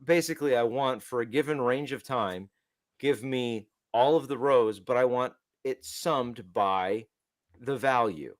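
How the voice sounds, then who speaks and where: A man's voice: medium pitch, measured pace, no echo, studio quality. A man co-hosting a developer podcast, telling stories in a casual, rambling way with many restarts. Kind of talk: casual tech chat.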